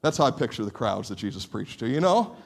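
A man preaching a sermon with animated emphasis and frequent repeated words. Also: lowish voice, quick pace, creaky. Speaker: pastor.

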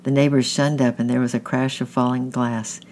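A man's voice: medium pitch, level tone, normal speed, a little mellow, a little hiss or hum. Man reading a novel aloud, stumbling. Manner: plain reading with frequent slips and restarts. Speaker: audiobook reader.

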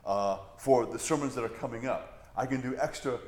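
A male pastor teaching a Bible study in a relaxed, conversational way, wandering into self-deprecating asides. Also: medium pitch, normal speed. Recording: echoey room.

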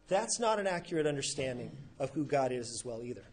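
Male pastor with a higher-pitched voice, delivering a casual, story-driven sermon. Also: animated, fairly quick, slight background noise. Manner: conversational storytelling, acts out quoted characters casually.

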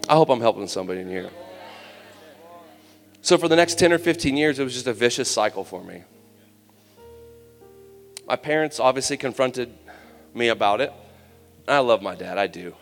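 A man's voice: mid-range voice, big pitch swings, fairly quick, long pauses, a bit bright. Man, youth camp preacher, candid storytelling, long hall reverb, faint music behind. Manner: candid, conversational storytelling with humor. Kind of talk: personal testimony sermon.

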